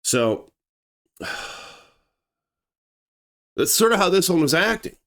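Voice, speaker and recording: A man's voice: sits high, big pitch swings, slow pace. A man telling a true horror story in a casual, rambling way, full of asides. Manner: rambling, conversational, digresses often; shouts acted quotes in a raised voice.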